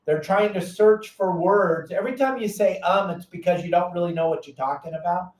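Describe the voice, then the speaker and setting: In casual podcast talk, a loud, blunt man with a touch-high voice and lots of energy punches out fishing show stories at a brisk clip. The mic is set back in an echoey room.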